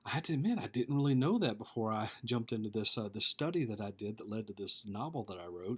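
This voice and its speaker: A man teaching a video Bible lesson, enthusiastic and conversational, sometimes acting out excited reactions. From United States. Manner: enthusiastic, acts out bits with a high excited voice. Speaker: Christian teacher and author.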